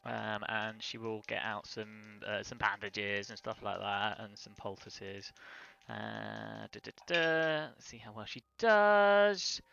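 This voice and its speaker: Brief: game master man, bright voice, stop-start narration, slightly muffled dry mic. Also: on the low side, creaky, smooth. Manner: halting, many fillers, relaxed.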